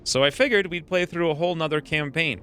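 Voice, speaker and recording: A man's voice: on the high side, quick pace, pushed and bright, faint music behind. A man hosting a let's play video, giving casual, upbeat commentary and explaining his plans as he plays. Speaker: gaming channel host.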